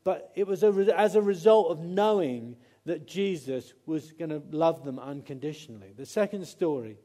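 A man's voice: high voice, dark tone. A man preaching a conversational sermon, often acting out quotes and restarting his sentences.

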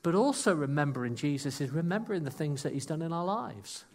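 A man preaching a sermon to a congregation, telling stories with lively asides and jokes about himself. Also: fairly high pitch, a little fast. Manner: animated storytelling, self-deprecating asides.

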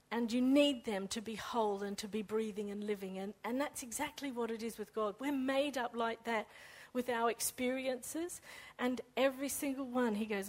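Earnest woman sharing a faith testimony. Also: on the high side. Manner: earnest, halting, often repeats words as she restarts. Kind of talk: personal testimony talk.

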